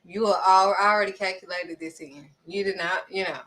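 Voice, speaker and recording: A woman doing a gentle fatherly God, soft-spoken, reassuring, bright-toned. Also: mid-range voice, steady tone, brisk, natural voice. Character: gentle fatherly God calming his daughter.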